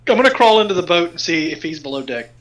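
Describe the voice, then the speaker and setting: A man's voice: fairly high pitch, very animated, fast, fairly bright tone, poor audio. A man playing a tabletop game, talking in a plain, matter-of-fact way. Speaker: player.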